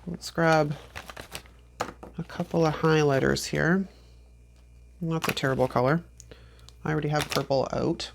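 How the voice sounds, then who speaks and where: A woman's voice: low voice, creaky, a little hiss or hum. A woman hosting a planner channel, talking through a craft tutorial in a chatty, rambling, self-deprecating way. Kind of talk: casual craft tutorial chat.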